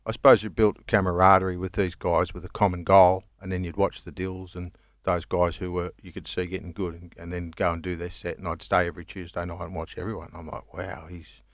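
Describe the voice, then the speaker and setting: An Australian man with a low, grounded voice spins long, rambling comedy stories, laughing easily and swearing without fuss. The sound is dry and close to the mic. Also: no echo. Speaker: comedian guest. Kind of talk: casual storytelling chat.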